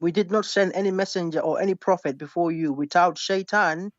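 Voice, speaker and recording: A man's voice: high voice, fairly quick, dry recording. A man calling into a live online debate, who keeps insisting on explaining his point and laughs often. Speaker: debate caller. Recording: dull dry lo-fi call audio.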